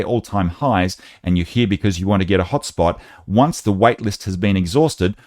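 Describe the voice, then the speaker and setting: A man's voice: on the low side, a little mellow, dry recording, studio quality. A man hosting a casual update video, chatty and talking straight to his viewers as guys. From Australia. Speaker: host.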